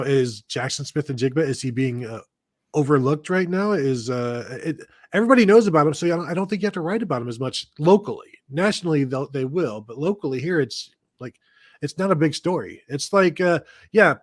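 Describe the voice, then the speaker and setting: A man's voice: fairly high pitch, dry recording, studio quality. A man co-hosting a sports podcast, talking casually with loose, rambling sentences. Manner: loose, rambling delivery with fillers. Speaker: podcast co-host.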